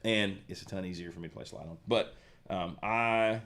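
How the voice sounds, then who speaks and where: Male stream co-host, low voice, relaxed rambling gear talk. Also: moderate pace. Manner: relaxed, rambling, lots of fillers and restarts. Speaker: co-host of a guitar shop live stream. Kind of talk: casual chat, reading viewer comments.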